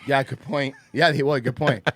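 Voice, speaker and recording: A man's voice: medium pitch, normal speed. A man hosting a casual podcast, telling stories and swearing freely. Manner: profane, animated storyteller who acts out quotes. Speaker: podcast host.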